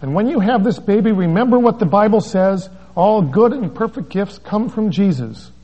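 A man's voice: sits high, lively intonation, normal speed, warm tone, pitched above the performer's own voice. A man voicing a gushing, commanding older woman faith healer in a sugary, bossy manner, on a dull lo-fi recording. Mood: assured.

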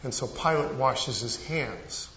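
A man's voice: mid-range voice, animated, measured pace, sharp tone, a little hiss or hum. A male pastor preaching a sermon, telling stories with rising and falling emphasis. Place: church sanctuary. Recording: echoey church, dull lo-fi sound.

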